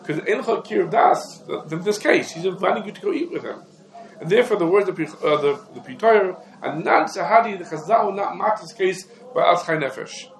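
A man teaching a lecture on Jewish law, explaining rapidly and peppering his English with Hebrew legal terms. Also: high voice, animated. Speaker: rabbi teaching a class. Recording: echoey room.

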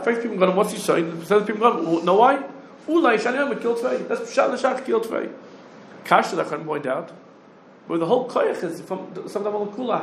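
A man teaching a Talmudic law lecture, firing off rapid questions and rising challenges. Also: sits high, vocal fry, a little hiss or hum. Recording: roomy echo with faint ambience.

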